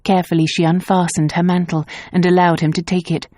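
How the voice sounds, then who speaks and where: A woman reading a novel aloud as an audiobook narrator, in a measured, even storytelling voice. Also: fairly low pitch, no echo, clean studio sound. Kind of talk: scripted narration.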